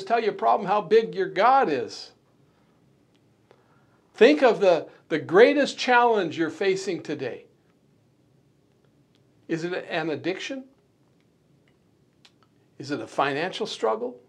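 High-voiced man preaching with emphatic stresses. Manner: emphatic preaching, quick bursts and slow stresses, many restarts. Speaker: pastor. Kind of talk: sermon.

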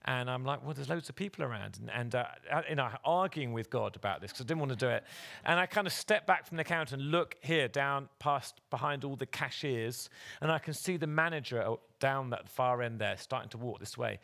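A man's voice: medium pitch, fairly quick, gravelly, fairly bright tone. A man preaching a sermon as pastor at a church service, earnestly and directly urging the congregation.

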